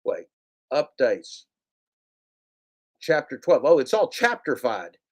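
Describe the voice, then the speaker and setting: A man's voice: mid-range voice, big pitch swings, slow. A man giving rambling screen-share commentary as a YouTube broadcaster, sarcastic and mock-scolding, repeating his own phrases.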